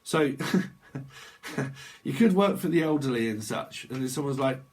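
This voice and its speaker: A man giving a casual tarot reading, rambling through playful word associations and acting out customers in quick, silly voices. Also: mid-range voice, animated, darkish tone. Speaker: tarot reader.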